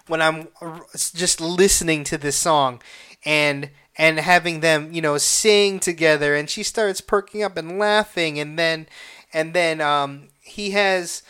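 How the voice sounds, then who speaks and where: A man hosting a casual solo podcast, retelling a movie with heavy swearing and halting restarts, emotional and excitable. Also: a little high, clear, resonant tone. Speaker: podcast host.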